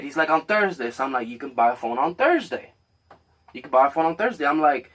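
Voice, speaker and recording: A man hosting a podcast, telling a story in casual chat, animated and profane, acting out both sides of a quarrel. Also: fairly high pitch, brisk. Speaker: podcast host.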